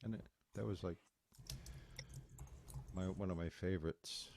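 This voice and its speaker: A man's voice: low-pitched, steady tone, measured pace, long pauses, a little mellow, a little hiss or hum. A man, a cantor, chatting jokily and rambling before leading a virtual chapel service over a computer microphone. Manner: jokey, rambling, self-mocking. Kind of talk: casual chat, then leading a service. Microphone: computer microphone on a video call.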